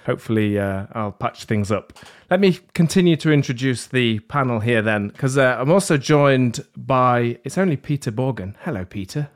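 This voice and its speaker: A man's voice: medium pitch, expressive, normal speed. A man hosting a podcast panel, joking and rambling in a self-deprecating way. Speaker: podcast host. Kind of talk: casual panel chat. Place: London.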